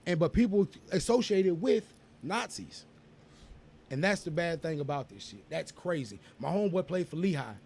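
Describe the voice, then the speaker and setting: A man, co-hosting a casual podcast in a rambling, animated and profane way, always going off on tangents. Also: on the high side, normal speed, gravelly, a little hiss or hum. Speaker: podcast co-host.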